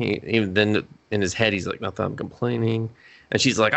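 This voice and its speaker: A man co-hosting a podcast, recapping an anime episode in casual chat and acting out characters' lines in higher voices. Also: fairly even intonation, moderate pace, vocal fry, sharp tone. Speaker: podcast co-host.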